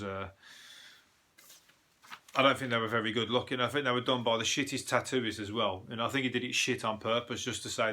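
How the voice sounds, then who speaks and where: A man's voice: mid-range voice, sharp tone. A man with a Birmingham accent, a comedian hosting a show and rambling through news stories in a sweary, laughing monologue. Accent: Birmingham (Brummie). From Birmingham, England. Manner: sweary, rambling, laughs at his own jokes.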